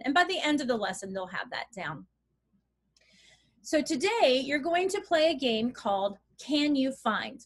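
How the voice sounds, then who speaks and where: A woman's voice: high-pitched, big pitch swings, moderate pace, fairly bright tone. Encouraging woman teaching math to parents. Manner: clear, encouraging, explains step by step while handling an abacus. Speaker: math curriculum instructor. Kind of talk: instructional walkthrough for parents.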